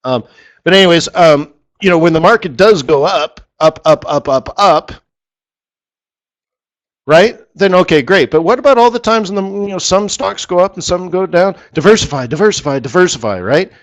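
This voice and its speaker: Brief: middle-aged male trading host, somewhat high voice, loose rambling webinar talk, repeats words to stress a point. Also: brisk. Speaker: forex market strategist hosting a live session.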